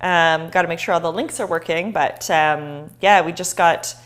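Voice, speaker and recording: A woman's voice: lowish voice, normal speed, fairly bright tone. A woman hosting a live cooking show, chatting and encouraging viewers as she chops.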